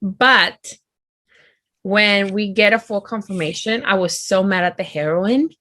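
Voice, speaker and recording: A woman co-hosting a book podcast, retelling her reactions in an animated way with lots of "like". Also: mid-range voice, measured pace, dry recording. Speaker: podcast co-host. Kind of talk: casual book review chat.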